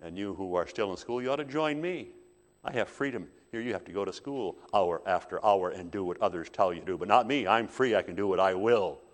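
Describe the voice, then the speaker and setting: A preacher voicing a defiant expelled teenage schoolboy, boastful and taunting, in a reverberant hall. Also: male voice, low voice, fairly quick, close to an everyday voice. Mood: bragging.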